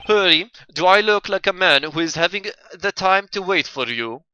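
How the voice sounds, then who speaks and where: A man's voice: sits high, animated, moderate pace, sharp tone, muffled recording, a little hiss or hum, pitched above the performer's own voice. A man voicing an irritable, pompous male airline passenger in a put-on North European accent, reading game dialogue over game music. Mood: indignant. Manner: stiff, haughty, clipped declarations. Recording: game music playing underneath.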